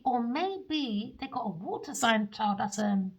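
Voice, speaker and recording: A woman giving a tarot reading in a theatrical, sassy way, cursing freely and calling listeners pet names, jumping between loud outbursts and low mutters. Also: expressive, moderate pace, hardly any pauses. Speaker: tarot reader. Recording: dull lo-fi recording.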